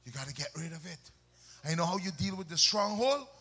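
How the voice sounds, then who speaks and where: A male preacher, delivering a fiery sermon, shouting and then dropping to soft asides, with call-and-response questions. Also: on the high side, animated, fast, slightly rough. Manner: swings between loud shouts and soft asides.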